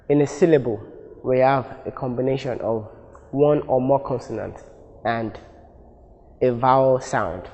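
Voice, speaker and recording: Male teacher from Nigeria, mid pitch, methodical classroom delivery, long reverb. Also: a little mellow, dull audio. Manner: deliberate, explains step by step with repeated phrases. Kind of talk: classroom lesson.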